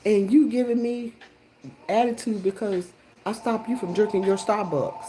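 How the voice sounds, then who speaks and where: A middle-aged woman hosting her own live stream, telling a story in a rambling, animated way with many restarts. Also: mid-range voice, moderate pace, a little hiss or hum, rough recording. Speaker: livestream host.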